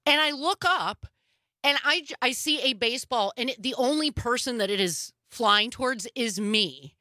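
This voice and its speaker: Bright, chatty woman radio host. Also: a little high, normal speed, no room sound, studio quality. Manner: chatty, animated storyteller. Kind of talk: casual talk radio.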